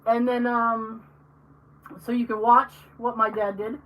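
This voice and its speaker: A woman's voice: a little high, measured pace, low-quality recording. A woman hosting a podcast, telling stories in casual chat and acting out what family members said. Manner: animated storyteller, acts out family members. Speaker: podcast host.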